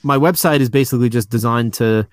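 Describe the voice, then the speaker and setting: A man with a New York accent rambles through casual podcast chat as a guest. He keeps circling back with fillers and restarts. His voice sits at a middling pitch and sounds dry and close, with no room around it. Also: fast, no room sound. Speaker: toy store owner, podcast guest.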